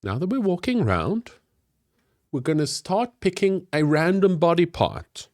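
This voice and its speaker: A game master and improv teacher gives friendly, encouraging instructions for an improv exercise in a tips video. His fairly high voice is sing-song and darkish, delivered at a measured pace. The recording is studio quality, without echo.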